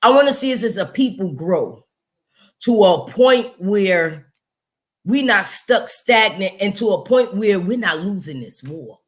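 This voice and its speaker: Animated woman livestream host. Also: mid-range voice, measured pace. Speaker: host and interviewer. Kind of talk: casual livestream chat.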